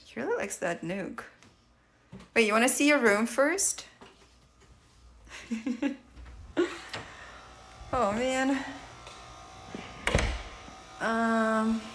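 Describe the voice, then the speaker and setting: A woman with a fairly high voice talks slowly and gently as she chats in a home vlog. She coos at her pet with soft, doting baby-talk and drops into hushed asides. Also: expressive, background noise. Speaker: vlogger. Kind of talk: casual vlog chatter, talking to a pet.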